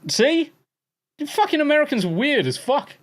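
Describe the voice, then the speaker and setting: An English man hosting a podcast, bantering with viewers and swearing freely. His pitch jumps around with lively energy as he jokes. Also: normal speed. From England. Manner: profane, jokey banter. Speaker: podcast host. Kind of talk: casual chat with live viewers.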